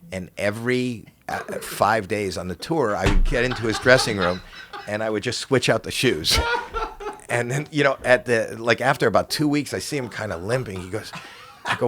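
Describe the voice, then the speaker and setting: An older man from Canada, a podcast guest, telling animated stories in casual chat with rambling restarts. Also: fairly low pitch, moderate pace, noisy background.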